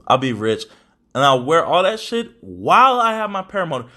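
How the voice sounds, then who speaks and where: A man's voice: a little high, very animated, brisk, pushed and bright. A young adult man hosting a podcast, talking in casual, rambling chat full of slang and swearing. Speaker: podcast host.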